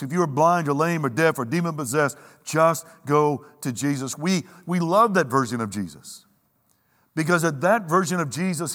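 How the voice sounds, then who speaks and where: A man preaching a sermon, emphatic, with dramatic pauses and a slow, weighty delivery when he quotes scripture. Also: a little high, a bit bright. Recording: long reverb of a large hall.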